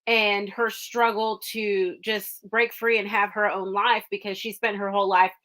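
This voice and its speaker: A woman's voice: medium pitch, little pitch movement, a little slow, a bit bright. A woman co-hosting a podcast, chatting casually and emotionally about movies she loved. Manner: gushing, emotional, enthusiastic. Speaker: podcast co-host. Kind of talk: casual movie review chat.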